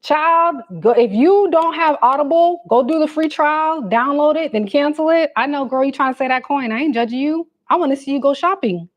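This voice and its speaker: A young adult woman hosting a casual livestream, chatting straight to her viewers in animated, slangy talk. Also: high voice, moderate pace, few pauses. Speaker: livestream host.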